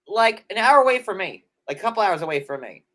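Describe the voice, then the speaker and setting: A man's voice: high-pitched, big pitch swings, quick pace, a bit bright. A man hosting a casual livestream from a desk at home, talking in a chatty, sarcastic way full of "like". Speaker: host.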